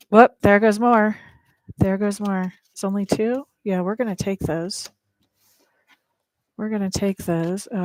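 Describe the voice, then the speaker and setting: A woman's voice: medium pitch, a little mellow, no room sound. Blunt, chatty woman tarot reader. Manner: chatty, blunt and playful, talks straight to viewers. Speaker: tarot reader and livestream host. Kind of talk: casual live tarot reading chat.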